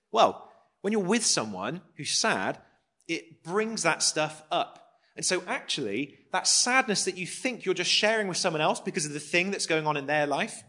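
Bright-voiced preacher. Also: male voice, on the high side. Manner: reads scripture, then explains it casually and asks the audience questions. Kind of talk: conversational Bible study sermon.

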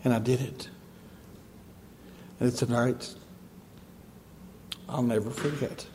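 A male pastor delivering a sermon, speaking gently and slowly, with moments of rising fervent emphasis. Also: mid-range voice, steady tone, big-room sound, slight background noise. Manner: soft, slow, then rising to fervent emphasis. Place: church sanctuary.

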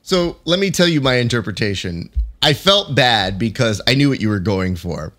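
Animated man giving a mock critique. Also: medium pitch, normal speed. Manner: animated, mock-critical, acts out quotes in silly voices. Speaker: podcast host reviewing a guest's clip. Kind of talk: casual critique chat.

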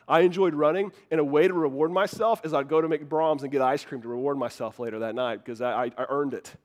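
Earnest pastor preaching. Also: male voice, a little high. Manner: earnest, conversational preaching with frequent restarts. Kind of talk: sermon.

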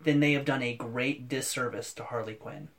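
A man's voice: mid-range voice, steady tone, moderate pace. A young man co-hosting a podcast, casually arguing his opinions firmly. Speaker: podcast co-host. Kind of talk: casual chat.

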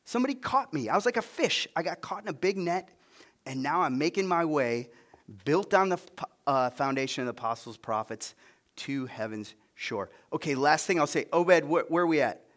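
A male pastor preaching a sermon, swinging between loud emphasis and hushed near-whispers, with stammering restarts. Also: fairly high pitch, expressive, moderate pace.

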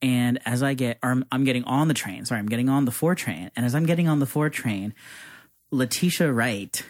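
A man co-hosts a casual podcast from a small studio and tells stories in a lively way, acting out the quotes. His voice sits in the middle of a man's range. The recording is close and dry. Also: medium pitch, fairly quick, no room sound. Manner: animated storytelling, acts out quotes. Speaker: co-host and producer. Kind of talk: casual chat.

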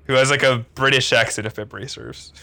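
A man's voice: mid-range voice, fairly even intonation, fast, gravelly, bright, forceful tone. A man co-hosting a comedic podcast, steering the discussion in a playful, teasing way. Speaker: podcast co-host.

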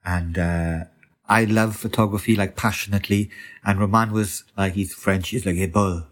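Brief: male interview guest, slightly low voice, passionate, full of fillers and restarts. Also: steady tone, moderate pace. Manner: enthusiastic, stumbling restarts, many fillers. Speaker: photographer guest. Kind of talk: conversational interview.

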